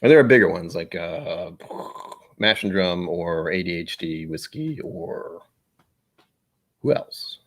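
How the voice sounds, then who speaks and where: A man hosts a relaxed live stream, chatting while he tastes. His voice sits fairly low but jumps around a lot in pitch. He rambles, loses his train of thought and pokes fun at himself. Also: slow, long pauses. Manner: rambling, self-deprecating, easily sidetracked. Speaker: whiskey stream host. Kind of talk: casual live-stream chat.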